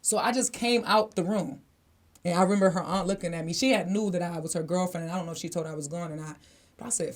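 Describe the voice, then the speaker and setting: A woman's voice: on the low side, fast talker. A woman co-hosting a podcast, telling a personal story in a blunt, candid, casual way, swearing freely and talking straight to the listeners. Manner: conversational, speaks directly to listeners. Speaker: podcast co-host.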